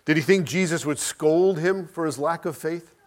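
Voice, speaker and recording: Man preaching a sermon with rhetorical questions. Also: fairly high pitch. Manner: rhetorical questions, repeated phrases, dramatic pauses.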